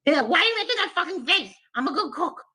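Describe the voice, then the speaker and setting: A woman's voice: very high-pitched, sing-song, fast, bright, forceful tone, pitched above the performer's own voice, exaggerated voice, rough recording. A woman doing a mocking impression of a profane, jealous woman who rants and screams threats. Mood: sneering. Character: foul-mouthed jealous woman ranting, shrieking threats.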